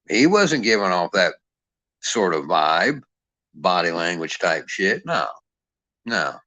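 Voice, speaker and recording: A man's voice: lowish voice, very animated, measured pace, fairly bright tone, dry recording. Cantankerous foul-mouthed man ranting, dry close mic. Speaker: boxing commentator. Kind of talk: profane ranting commentary.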